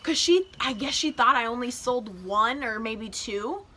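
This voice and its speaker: A teenage girl chats through a storytime into her phone, animated and full of swearing. Her voice is bright and sits a little high. A faint hiss runs under the recording. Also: unhurried. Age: teens. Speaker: vlogger. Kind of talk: casual storytime. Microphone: phone camera.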